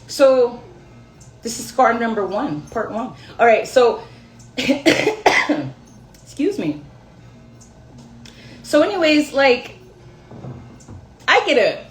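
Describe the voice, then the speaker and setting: A young woman tells a long personal story straight to her viewers, rambling and poking fun at herself as she goes. Her voice sits a little high. The room around her gives a noticeable echo. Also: expressive, takes it slowly, pauses often, soft background music. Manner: chatty, rambling, self-mocking with laughs. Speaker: storyteller vlogger. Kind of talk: casual storytelling to camera.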